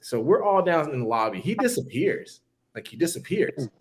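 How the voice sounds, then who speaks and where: A man casually telling a long story on a podcast, acting out what people said with big jumps in his voice. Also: moderate pace. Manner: animated, acts out quotes with big pitch jumps.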